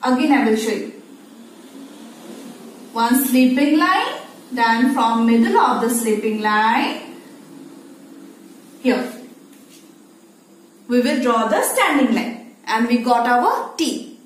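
Woman teacher, high voice, slow and sing-song, phonics lesson for small children, very echoey room. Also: animated, a little hiss or hum. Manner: slow, sing-song, repeats and checks with "okay?".

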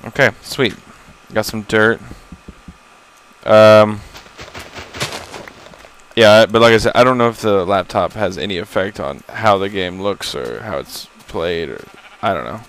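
A young man with a lowish voice talks casually over a game he has never played, rambling and joking at his own expense. He startles easily and swears when something surprises him. A faint hiss of noise sits under the recording. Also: measured pace, pauses often, a bit bright, low-quality recording. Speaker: gamer recording a first-time playthrough. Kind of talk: casual gameplay commentary. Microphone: laptop setup.

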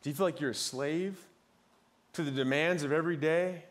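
Guy in his 30s preaching, kinda high voice, chatty, repeats himself a lot. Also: fairly quick. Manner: conversational preaching with repeated words and shifting loudness. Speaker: pastor. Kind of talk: sermon. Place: church.

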